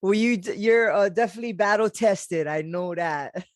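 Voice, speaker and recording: A man's voice: sits high, moderate pace, dry recording, clean studio sound. A man hosting a podcast, chatting in a laid-back, slangy way and laughing often. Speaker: podcast host. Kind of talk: casual chat.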